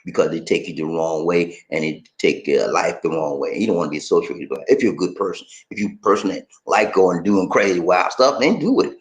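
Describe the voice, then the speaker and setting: A man hosting a casual live-stream show and reading out viewer comments. He is chatty and says "man" often, and he jumps from excited high bursts to low, serious talk. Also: fairly quick, hardly any pauses.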